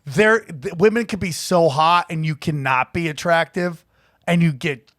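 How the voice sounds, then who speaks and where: A man co-hosting a podcast, telling profane, animated stories in casual chat and acting out the people he quotes. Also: fairly high pitch, unhurried, no echo, studio quality. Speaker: podcast co-host.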